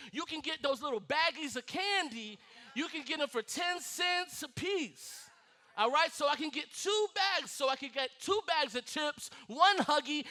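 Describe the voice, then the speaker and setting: A pastor delivers a sermon in a strikingly high, bright voice with a forceful edge that carries. He tells his stories animatedly, laughing and acting out the scenes along the way.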